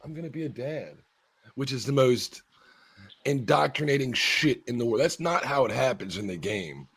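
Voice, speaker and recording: A man's voice: mid-range voice, lively intonation, normal speed, fairly bright tone, breathy edge. A man hosting a casual talk show, rambling profanely with many restarts as he argues his point. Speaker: podcast host. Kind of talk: casual chat.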